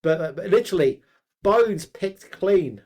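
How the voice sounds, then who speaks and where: A man with a northern English accent, co-hosting a casual chat with animated, jokey banter. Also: sits high, measured pace. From England. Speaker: co-host.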